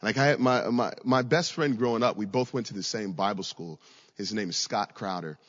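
A man's voice: lowish voice, normal speed, slightly rough. Male preacher in an echoey hall. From Virginia, USA. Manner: storytelling, with frequent stammered repeats and rising shouts. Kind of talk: sermon. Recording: echoey hall, dull lo-fi sound.

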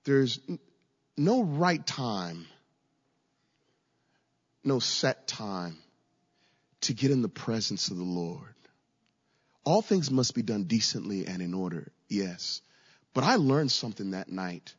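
Slow and sing-song, with a breathy edge and long pauses, a low-leaning male voice delivers a storytelling sermon. The preacher, from Virginia, USA, often stammers and repeats himself and suddenly raises his voice; the lo-fi recording is dull and echoes through a hall.

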